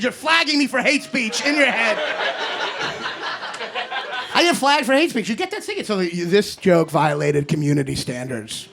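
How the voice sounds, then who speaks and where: A man in his thirties from Kentucky doing an animated, sarcastic stand-up set on a comedy club stage, swinging between loud rants and mutters. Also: very high-pitched, vocal fry. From Kentucky, USA. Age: 30s. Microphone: handheld stage mic. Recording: live club recording with audience noise. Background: audience laughter.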